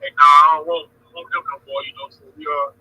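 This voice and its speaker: A husky man rambles easily through a casual phone chat, half-mumbling. His voice runs high and lively, and the line sounds dull and lo-fi. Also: fast, no echo. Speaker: friend on the phone. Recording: lo-fi phone audio.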